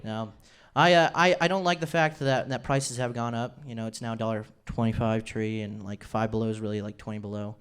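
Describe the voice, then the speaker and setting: A man's voice: on the low side, steady tone, a little fast, hardly any pauses, smooth. Young male comic in his 20s, rambling self-mocking stage delivery. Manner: rambling, self-deprecating, restarts often. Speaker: stand-up comedian. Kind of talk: stand-up routine. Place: comedy club stage.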